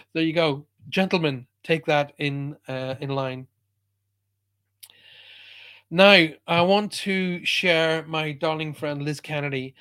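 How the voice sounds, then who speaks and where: A man's voice: a little high, slow pace, long pauses, fairly bright tone, clear, resonant tone. A middle-aged man giving an emphatic motivational talk as a spiritual speaker, often checking in with listeners.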